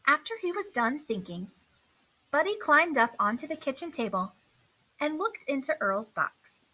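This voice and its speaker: A woman reading a children's book aloud, taking her time with each line. Her voice is high and bright, with a lively, sing-song pitch. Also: low-quality recording. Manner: slow, expressive read-aloud. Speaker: storyteller.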